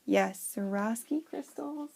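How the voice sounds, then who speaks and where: A woman's voice: fairly high pitch, takes it slowly, creaky, darkish tone, husky. A woman at home chatting casually and gushing as she shows viewers her handmade craft pieces. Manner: chatty and gushing, addresses viewers as "you guys". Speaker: craft seller showing handmade journals. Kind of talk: casual show-and-tell vlog.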